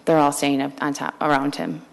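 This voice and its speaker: A woman with a low, gravelly voice testifies at a hearing. She answers questions in halting, plainspoken replies. The long reverb of a big hearing room trails her words. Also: expressive. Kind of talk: answering questions under oath.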